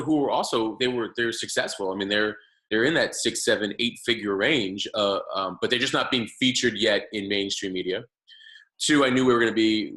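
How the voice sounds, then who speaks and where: A man in his thirties sits as a guest on a podcast and tells his story. He talks in a loose, rambling way, with lots of fillers and restarts. His voice sits a little low but sounds bright and forward. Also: poor audio. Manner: rambling, many fillers and restarts, animated retelling. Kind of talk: casual storytelling interview.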